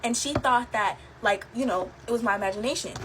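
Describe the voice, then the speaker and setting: Brief: young woman, slightly high voice, casual storyteller, faint hum behind. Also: moderate pace, fairly bright tone, rough recording. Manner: chatty, lots of fillers, laughs while telling.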